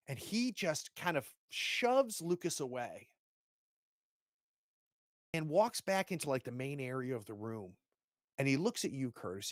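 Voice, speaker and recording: A man's voice: medium pitch, expressive, no echo, clean studio sound. A man acting as game master, narrating a tabletop horror game in a descriptive way and acting out the characters' gestures. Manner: unhurried, descriptive, acts out gestures.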